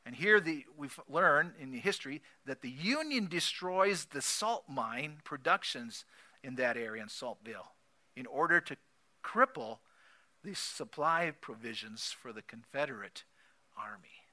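Emphatic bright-voiced male preacher. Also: mid-range voice, animated, unhurried. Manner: emphatic, repeats key phrases, swings between loud and soft. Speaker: pastor. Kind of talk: sermon.

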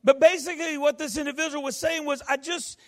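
A male pastor preaching a folksy sermon, rising to shouts. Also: very high voice, fairly even intonation, fast.

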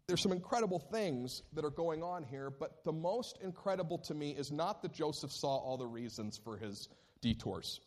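A man preaching a sermon as pastor, telling a scripture story with animated delivery and acted-out moments. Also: fairly high pitch, moderate pace. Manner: animated storytelling, acting out scenes.

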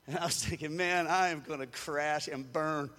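A man's voice: on the high side, steady tone, moderate pace, sharp tone, big-room sound. A man from Louisiana, preaching a sermon as a storyteller who acts out the quotes and chuckles often. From Louisiana, USA. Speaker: pastor.

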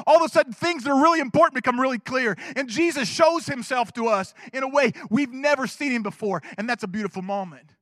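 Male pastor, very high voice, animated sermon delivery, dry close sound. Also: no room sound. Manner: animated, swings between loud urging and hushed asides. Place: church.

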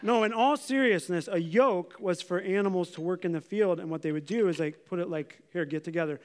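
A man's voice: high-pitched, fairly quick, darkish tone. A man preaching a sermon as pastor, talking conversationally and putting questions to the congregation. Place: church.

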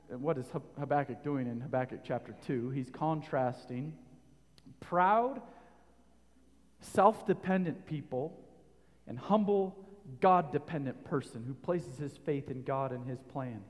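A man preaching a sermon, rising to loud emphatic peaks and putting questions to his listeners. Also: mid-range voice, slow, in a large hall.

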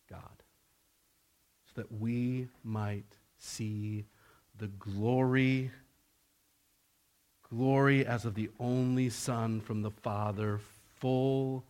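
A man preaching a sermon, slow and deliberate, his voice rising in pitch and force when he presses a point. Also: a little mellow.

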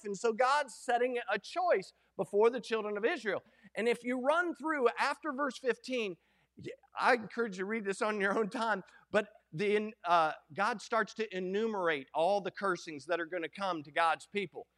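A middle-aged man preaching a sermon as pastor, folksy and animated, acting out quoted lines. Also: high-pitched, normal speed.

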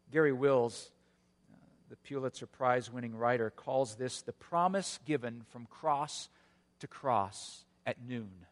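A male pastor giving a sermon in an earnest storytelling manner, with a touch of gentle humor. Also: mid-range voice, very animated, measured pace, big-room sound.

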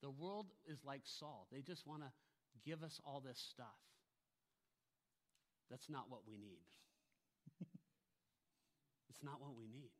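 A man's voice: mid-range voice, takes it slowly, pauses often. A pastor preaching a sermon, emphatic, often putting rhetorical questions to his congregation.

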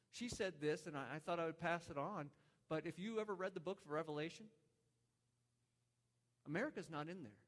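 A man in his thirties preaching a sermon, telling a story earnestly, with many restarts. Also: on the high side. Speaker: pastor. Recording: long hall reverb.

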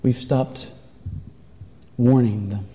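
A man preaching a sermon, telling a story with earnest, pleading warmth. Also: mid-range voice, fairly even intonation, drawn-out words. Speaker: pastor. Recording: long reverb of a large hall.

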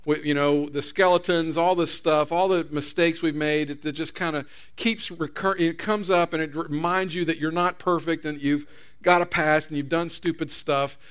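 A man's voice: on the high side, fairly even intonation, moderate pace, a bit bright, smooth. A man preaching a sermon as pastor, in a conversational storytelling way with repeated restarts.

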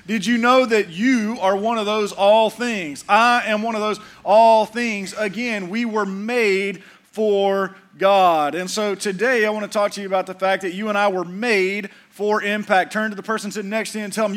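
A man with a high voice preaches a sermon. He talks emphatically, repeats his key lines and calls on the congregation to answer back. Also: steady tone, normal speed, fairly bright tone. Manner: emphatic preaching with repetition and audience call-outs. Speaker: pastor.

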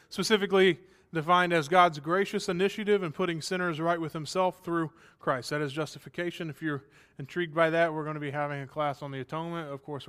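A male pastor delivering a sermon in a smooth, clear voice that sits a little high for a man. He talks earnestly, building to emphatic passages, and mixes in dry, offhand asides. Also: fairly bright tone.

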